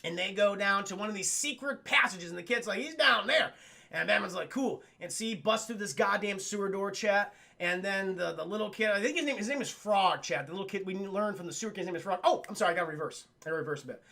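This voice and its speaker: A man hosting a live stream, retelling a cartoon episode to his chat in a rambling, profane, animated way. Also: high-pitched, fast talker, vocal fry, few pauses. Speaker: livestream host reviewing cartoons. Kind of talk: casual streamed recap with chat.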